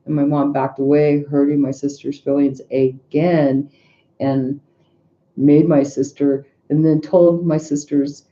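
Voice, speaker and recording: A middle-aged woman talks casually in a very dark, mellow voice, circling back with restarts and asides as she tells a story. The recording sounds dull and lo-fi. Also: deep voice, little pitch movement, unhurried. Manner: rambling, frequent restarts and asides. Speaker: tarot reader.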